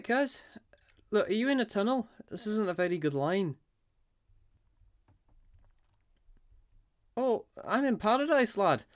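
Junior, a voice actor doing a laid-back surfer guy. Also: medium pitch. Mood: flustered. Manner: chatty, easygoing, calls people cuz. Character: laid-back small magical surfer man, cheerful. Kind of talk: fan voice acting.

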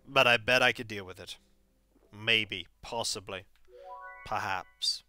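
A woman's voice: rumbling low, slow pace, pushed and bright, faint music behind. A woman streaming a cozy game, chatting playfully with rambling, jokey asides. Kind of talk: casual game-stream chat.

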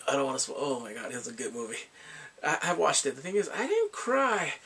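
A man giving a casual spoken drama review, retelling scenes in an animated way and acting out the characters' lines. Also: medium pitch, a little fast, breathy edge.

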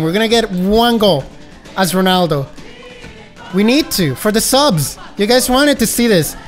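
A man giving excitable gameplay commentary as a gaming YouTuber, breaking into high yelps and laughter.

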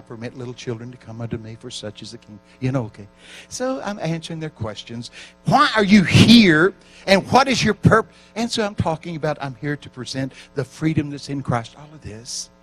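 A man preaching at a church camp meeting, telling stories with lively acted-out voices and shouting for emphasis. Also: medium pitch. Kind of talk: storytelling sermon.

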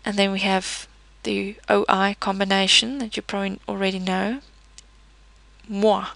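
A woman teaching a pronunciation lesson, explaining patiently with pauses, fillers and small self-corrections. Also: medium pitch, flat delivery, gravelly, a bit bright, no room sound, poor audio. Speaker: French teacher.

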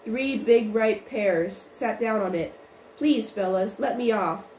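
A woman's voice: on the high side, takes it slowly, a little mellow. A woman voicing a flustered male dock laborer who pleads in a rueful, doleful way, in a roomy recording with faint noise.

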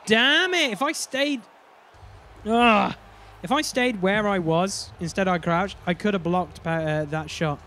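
Excitable high-voiced gamer. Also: male voice, normal speed, few pauses, a little hiss or hum. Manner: excitable, chatty, mild cursing. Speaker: gaming video host. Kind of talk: live gameplay commentary.

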